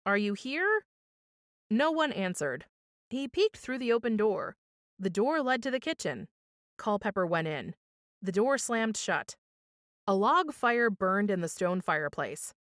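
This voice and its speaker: Lively woman reading a kids' story. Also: medium pitch, measured pace, no room sound, clean studio sound. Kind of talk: children's storytime read-aloud.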